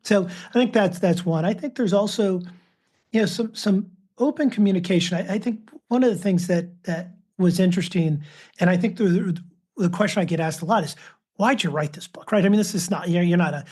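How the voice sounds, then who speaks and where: A man's voice: high-pitched, a little fast, darkish tone. Storytelling man in his fifties. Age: 50s. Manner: anecdotal, acts out quoted voices. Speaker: podcast guest, author and father. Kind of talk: casual interview storytelling.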